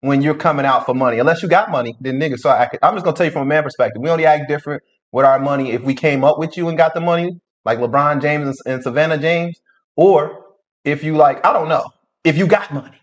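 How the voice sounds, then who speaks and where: A man's voice: a little high, quick pace. A man hosting a casual reaction show, brash and profane, riffing on a story. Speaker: reaction host. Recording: muffled lo-fi audio.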